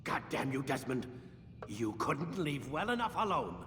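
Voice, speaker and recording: An actor playing a cold, commanding middle-aged scientist who holds a prisoner, talking curtly and with contempt. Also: male voice, medium pitch, big pitch swings, normal speed, a bit bright, big-room sound, slight background noise. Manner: curt, commanding, sneering.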